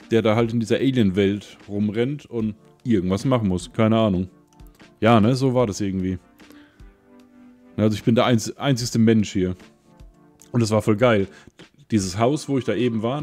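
Mellow man musing through a game. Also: fairly low pitch. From Germany. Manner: relaxed, musing to himself. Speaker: let's play streamer. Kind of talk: casual gameplay commentary.

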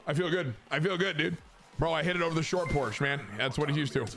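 A young man streaming a baseball video game, joking, swearing and shouting at big plays over game music. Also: a little high, fast, gravelly. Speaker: gaming streamer. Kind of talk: excited video game commentary. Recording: game music playing behind.

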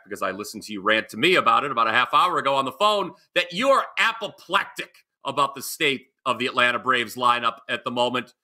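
A man's voice: mid-range voice, bright, forceful tone. A man co-hosting a sports betting show, teasing his partner in playful banter.

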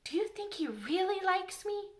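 A woman reading aloud and voicing a shy, earnest little girl who speaks slowly and hesitantly. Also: sits high, expressive, pitched above the performer's own voice. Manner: slow, hesitant, eager.

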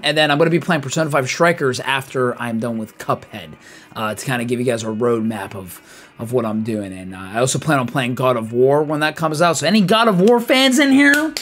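A young man giving lively live commentary on his game, chatty and hyped, greeting viewers by name. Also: mid-range voice. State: out of breath. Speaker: streamer.

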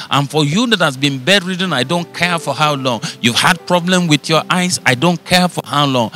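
A man preaching a sermon as pastor, fervent, his loudness swelling and falling. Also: on the high side, moderate pace, hardly any pauses, faint music behind.

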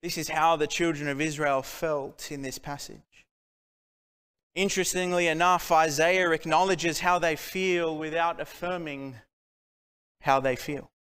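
A man's voice: on the high side, fairly even intonation, a little slow, fairly bright tone, clear, resonant tone. A man preaching a sermon from Australia, earnest and fond of rhetorical questions. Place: church hall. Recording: church hall with long reverb.

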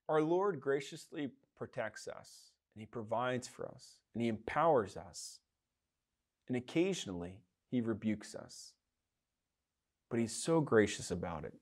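A man preaching a conversational sermon to young adults, animated and informal, full of casual asides. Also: medium pitch. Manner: animated, casual, frequent "you know, like" asides. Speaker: pastor. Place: online livestream for young adults.

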